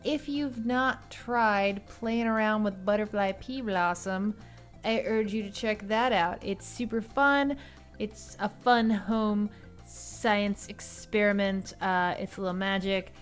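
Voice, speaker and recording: A woman's voice: mid-range voice, slow, soft background music. A woman hosting a cosplay and cocktail video, talking casually with a loose, chatty manner and plenty of fillers.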